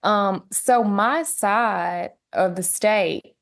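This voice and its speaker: A woman from West Tennessee with a Southern twang, a musician telling stories in a relaxed interview chat, often quoting others in animated voices. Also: medium pitch, extremely slow, vocal fry. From West Tennessee, USA. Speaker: guest musician.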